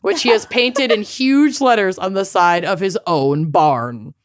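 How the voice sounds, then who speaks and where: A woman co-hosting a podcast, reading out odd news stories in casual chat, animated, swearing often and laughing. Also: mid-range voice, unhurried. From family from Massachusetts. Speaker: podcast co-host.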